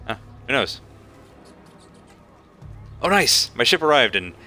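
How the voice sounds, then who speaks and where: A man's voice: medium pitch, big pitch swings, takes it slowly, sharp tone, soft background music. A man streaming a video game, chatting casually and joking at the characters as he plays. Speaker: gaming streamer. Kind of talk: casual let's-play commentary.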